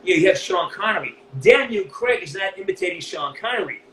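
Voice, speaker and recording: A middle-aged man from New England with a Northeastern US accent, speaking as an interview guest, blunt and animated, with a lot of swearing. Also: high voice, fairly quick, roomy sound, slight background noise, poor audio. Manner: blunt, profane, animated storytelling. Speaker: voice actor guest. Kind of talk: candid interview.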